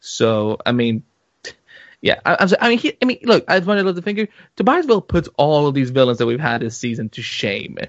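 A man co-hosting a casual podcast, talking in an animated, excitable way with many restarts. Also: a little high, brisk, dry recording. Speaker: podcast co-host. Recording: dull muffled lo-fi sound.

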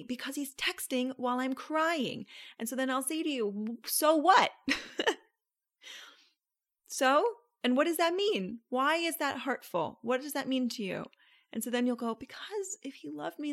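A woman's voice: medium pitch, fairly bright tone. Chatty woman podcast coach, laughing often. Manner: conversational, laughs often, asks rhetorical questions. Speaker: podcast host and relationship coach. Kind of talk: casual coaching monologue.

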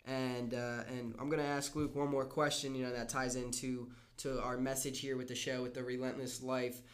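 A man's voice: mid-range voice, flat delivery, normal speed. A man hosting a podcast, asking questions in a laid-back, affirming way. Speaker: podcast host. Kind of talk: casual podcast interview.

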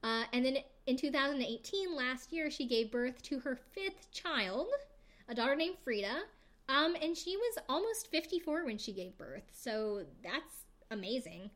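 A young adult woman hosts a podcast in a relaxed, chatty way. She rambles through a recap with plenty of fillers and playful side comments, keeping it casual and conversational. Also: high voice, a little slow. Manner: chatty, filler-heavy, jokey asides. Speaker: podcast host.

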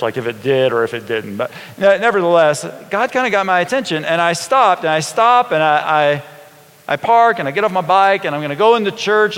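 A man, a pastor, preaching a sermon in a relaxed storytelling way, often asking his congregation questions. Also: fairly high pitch. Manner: conversational, folksy, asks the congregation questions. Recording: long hall reverb.

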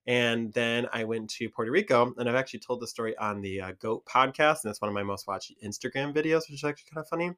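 A man from Michigan with a Michigan accent, chatting casually to camera as a vlogger, animated and full of fillers. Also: medium pitch, fast talker, few pauses.

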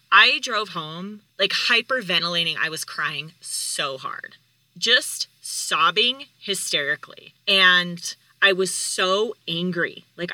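A woman hosts her podcast with a very bright, sharp voice and recounts a personal story in a candid, heartfelt way. Her delivery is conversational. The recording is dry and close, with no room sound. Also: on the low side, no room sound, poor audio. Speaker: podcast host.

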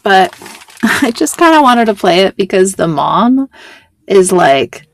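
A woman's voice: medium pitch, very animated, slow, gravelly. A woman hosting a podcast, chatting casually in a rambling, self-deprecating way. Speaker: podcast host. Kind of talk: casual chat.

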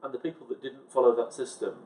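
A man co-hosting a casual chat, telling stories in an animated, emphatic way. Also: mid-range voice. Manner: animated storyteller, quick and emphatic. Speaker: podcast co-host, recruiter. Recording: echoey room.

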